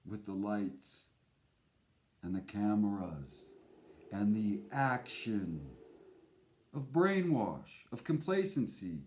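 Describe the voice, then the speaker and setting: Man, impassioned monologue, slow and emphatic, lively swooping pitch. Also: a little hiss or hum. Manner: intense, emphatic, repetitive. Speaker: speaker.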